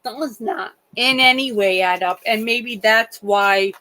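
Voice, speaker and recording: On a rough recording, a woman with a sharp, highish voice talks slowly while hosting a true crime livestream. She rambles indignantly in casual chat, restarting repeatedly and swearing occasionally.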